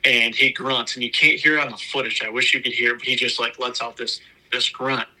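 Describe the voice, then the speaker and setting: A man telling a long bowhunting story in a loose, rambling way, full of "like" and "you know", his voice dropping to a hushed whisper at the tense moments. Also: medium pitch, steady tone, fairly quick, rough recording. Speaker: bowhunter recounting a hunt. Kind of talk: casual spoken storytelling.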